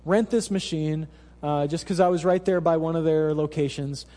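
A man's voice: on the high side, steady tone, moderate pace, mellow, long reverb tail. A pastor preaching a sermon in a conversational, humorous way, turning to his congregation with asides. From Alaska. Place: church hall.

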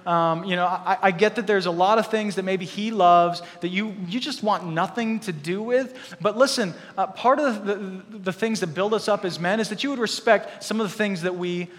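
A man in his thirties preaching a sermon to a congregation, animated, with joking asides to the crowd. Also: high voice, normal speed, few pauses, in a large hall. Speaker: pastor. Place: church hall.

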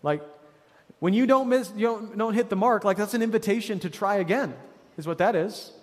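High-voiced pastor preaching in a reverberant hall. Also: male voice, a little fast. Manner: casual, conversational preaching with many restarts and fillers. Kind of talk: sermon.

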